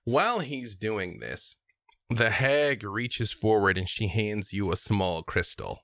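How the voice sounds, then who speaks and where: Slow expressive dude running a tabletop game, bright voice. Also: male voice, fairly low pitch, dry recording, clean studio sound. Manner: unhurried, expressive narration. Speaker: game master.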